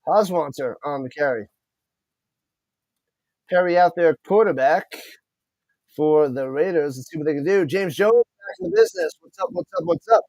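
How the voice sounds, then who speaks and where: A man with a voice on the high side streams live play-by-play of a football game at a moderate pace, leaving long pauses. The audio has no echo. He gives excited commentary, chats with his viewers and stumbles over unfamiliar player names.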